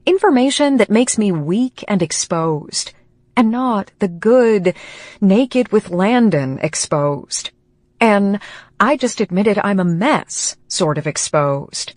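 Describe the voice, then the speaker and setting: A woman reading a first-person romance audiobook, slow and emotional in a measured way. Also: mid-range voice, animated, darkish tone, dry recording, clean studio sound. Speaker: audiobook narrator.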